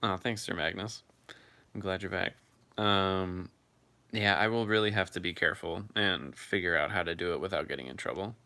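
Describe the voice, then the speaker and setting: A man's voice: sits low, moderate pace, pushed and bright. A man hosting a casual live chat, reading viewer comments aloud and answering them in a loose, freely swearing way.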